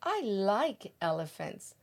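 A woman's voice: medium pitch, sing-song, slow, gravelly, heavily acted. A woman reading as a shy young girl. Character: shy young village girl who paints.

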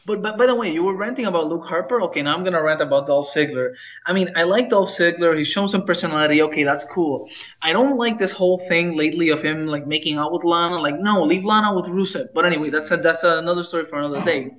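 Man, casual podcast chat, rambling and halting, somewhat high pitch, lo-fi sound. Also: fairly bright tone. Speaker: podcast co-host. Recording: dull lo-fi podcast audio.

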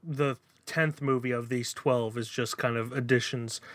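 A man's voice: mid-range voice, steady tone, unhurried, no echo. A man co-hosting a movie podcast, talkative and opinionated in casual chat about films. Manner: talkative, opinionated film reviewing. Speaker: podcast co-host.

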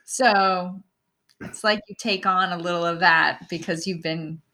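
A woman hosts a relaxed conversation, speaking slowly with a bright, forceful tone. She reflects on what her guest says and draws him out. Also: lowish voice. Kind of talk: casual chat.

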